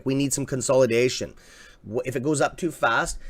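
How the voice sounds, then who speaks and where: A Canadian man hosting a casual live stock-market stream, chatty and excitable, swearing freely and reading out viewer comments. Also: mid-range voice, quick pace. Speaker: livestream host.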